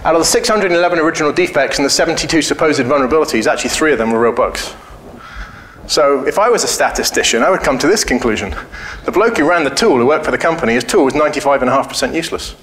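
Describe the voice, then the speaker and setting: A man's voice: fairly high pitch, expressive, very fast, a bit bright, slight background noise. A man giving a casual conference talk, blunt and joking, telling anecdotes and swearing freely. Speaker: conference speaker. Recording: echoey hall.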